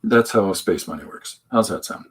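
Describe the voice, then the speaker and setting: A man's voice: sits low, lively intonation, moderate pace, breathy edge, poor audio. A man hosting a live stream, chatting loosely and joking while he draws comics. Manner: joking, meandering, lots of restarts. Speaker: host drawing comics on a stream. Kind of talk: rambling live-stream chat while drawing.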